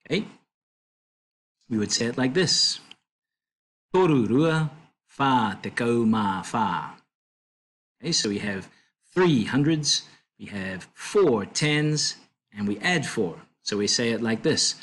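A man tutoring a language lesson, explaining slowly and patiently with fillers and self-corrections. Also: mid-range voice, animated, fairly bright tone, breathy edge.

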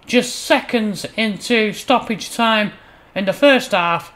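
A man with a high, light voice runs a gaming channel and calls his own football game matches like a broadcast commentator. He keeps an easy patter through the build-up and jumps sharply louder when a shot goes close or the ball hits the net. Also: takes it slowly. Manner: excitable, bursts loud on chances and goals. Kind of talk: playful mock match commentary over gameplay.

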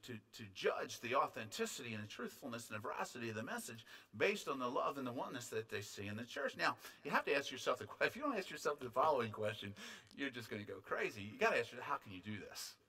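A man preaching a sermon as pastor, rising to loud, high, drawn-out emphasis and dropping to quiet conversational asides. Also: sing-song, slightly rough. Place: church sanctuary.

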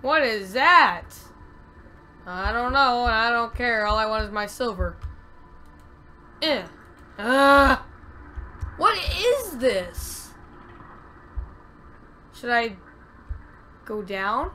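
High bright-voiced woman gaming. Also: very slow, long pauses, a little hiss or hum. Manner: excitable, talks to herself, loud frustrated outbursts. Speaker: let's play gamer. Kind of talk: casual gameplay commentary.

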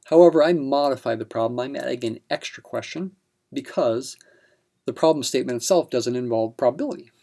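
Gravelly patient math teacher, man. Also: mid-range voice, a little fast, warm tone. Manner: patient step-by-step explanation with fillers. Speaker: math instructor. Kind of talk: explaining a practice problem.

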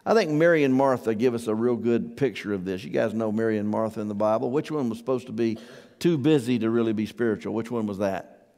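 A man's voice: on the low side, fast talker, mellow, in a large hall. A man preaching a sermon as pastor, conversational and asking his congregation questions. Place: church hall.

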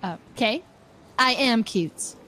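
A woman in casual in-character game chat, playful and sassy with quick comebacks. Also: a little high, expressive, sharp tone. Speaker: role-play player as April.

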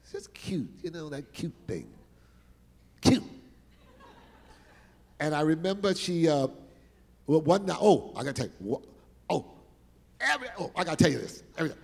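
An older man telling showbiz stories on stage, animated and exclamatory, repeating words for emphasis. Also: fairly high pitch, in a large hall. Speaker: guest performer telling stories. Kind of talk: animated storytelling interview. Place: stage in a large hall.

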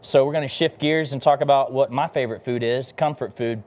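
A man's voice: mid-range voice, a little fast, a little mellow, dull audio, slight background noise. A middle-aged man from Texas, a barbecue pitmaster chatting casually between bites while hosting a live cooking demo. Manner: laid-back and enthusiastic, talking between bites.

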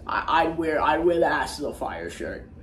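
Fairly high and fairly bright, the young man's voice is very animated yet measured in pace as he recaps a film at home. The review is casual, jokey and slang-heavy, with rambling and silly voices, recorded in an echoey room with faint background noise.

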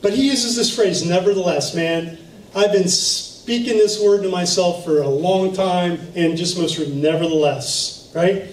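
A man with a high voice preaches a sermon in a church, telling personal stories with laughter. The sound is roomy and echoey, caught from a distance with faint noise behind. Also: unhurried. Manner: storytelling, animated, with laughs. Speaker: pastor. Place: church sanctuary.

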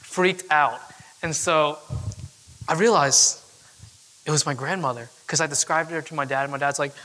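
Young male speaker, casual storyteller, slightly higher voice and bright tone, heard in a reverberant hall. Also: normal speed. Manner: casual, chatty storytelling with frequent fillers. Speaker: keynote speaker. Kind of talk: storytelling talk. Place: event hall with audience.

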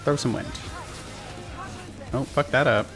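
Over background music, a man with a medium-pitched, slightly slow voice streams a video game, cursing and joking with his chat as he plays. It's loose, profane gameplay commentary picked up on a desk mic.

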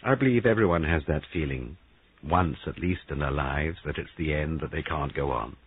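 A man reading aloud and voicing a gentle, calm young woman who speaks quietly. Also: a bass voice, normal speed, breathy edge. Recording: dry, tinny phone-like sound.

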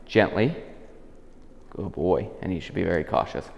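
Male dog trainer, calm explainer, low gravelly voice, echoey room with a long tail. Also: moderate pace, slight background noise. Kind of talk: instructional demonstration. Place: indoors in a house. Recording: echoey room with long reverb, dull lo-fi sound.

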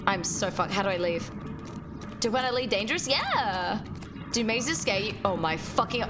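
A woman livestreaming a game, chatting casually with her viewers, excitable and swearing freely. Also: mid-range voice, moderate pace, music in the background. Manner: excitable, swears a lot, talks to chat. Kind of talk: casual gameplay livestream chat.

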